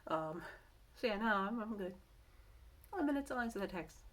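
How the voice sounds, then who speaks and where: A woman's voice: mid-range voice, animated, brisk. A middle-aged woman chatting casually to camera in a vlog, rambling and self-correcting as she shares work-from-home tips. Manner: rambling, chatty, with many restarts and asides.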